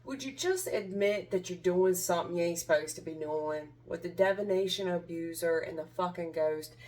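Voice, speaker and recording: A woman's voice: fairly low pitch, normal speed, a little mellow, distant mic, a little hiss or hum. Angry, confrontational woman tarot reader. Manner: angry, confrontational, preachy, swearing. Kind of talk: tarot reading vlog.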